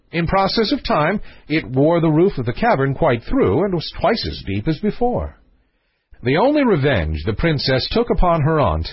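A man narrating a fairy tale in an expressive, lilting storybook manner. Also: fairly high pitch, breathy edge, dry recording. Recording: dull lo-fi dry recording.

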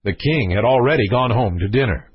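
A man reading a fairy tale aloud as narrator, with an expressive, varied delivery and a husky voice. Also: medium pitch, fairly quick, no room sound, muffled recording. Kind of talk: storybook reading.

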